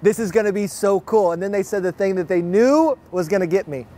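A young man preaching, his voice pitched high for a man. He tells stories in a lively way and acts out the other speakers' lines as he goes. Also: a little fast. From Fort Worth, Texas. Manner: lively storyteller, acts out quotes. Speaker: pastor. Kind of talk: sermon with personal storytelling. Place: online church service.

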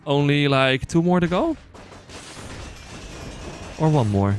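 A man with a non-native accent chatting casually to viewers while playing, quick to excited outbursts and joking at himself. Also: on the high side, faint music behind. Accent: non-native English accent. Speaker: gaming channel host. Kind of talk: casual let's-play commentary.

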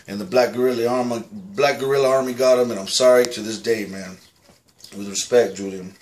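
A man's voice: medium pitch, fairly even intonation, a little fast, darkish tone, a little hiss or hum, lightly acted. A man playing a swaggering foul-mouthed ex-con. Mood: blustering. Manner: profane, aggressive, keeps saying "all right?". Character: boastful foul-mouthed male ex-con claiming to be the real Julian. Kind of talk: comic character monologue to camera.

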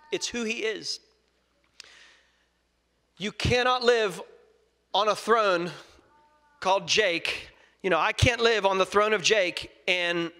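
A young man preaching a sermon, earnest, moving between loud emphasis and soft scripture reading. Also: sits high. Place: church sanctuary. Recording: long reverb of a large hall.

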